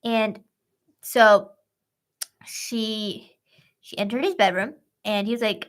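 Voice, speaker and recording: A woman's voice: medium pitch, slow pace. A young woman hosting a true-crime podcast, retelling a case in casual, slangy chat. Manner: slangy, animated storytelling.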